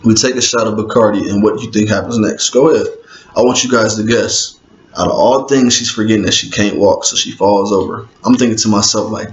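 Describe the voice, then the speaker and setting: Author reading his book aloud, man with a lowish voice, relaxed and slangy, roomy dull lo-fi recording with faint hiss. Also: fairly quick. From Indiana, US. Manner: laid-back, conversational, street slang. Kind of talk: casual audiobook reading with asides to listeners.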